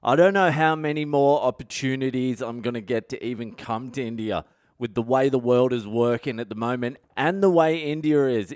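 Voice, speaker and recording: A man's voice: mid-range voice, clear, resonant tone, dry recording, clean studio sound. A man, a comedian hosting his daily podcast, telling a profane comic story and acting out other people's voices along the way. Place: a home in India.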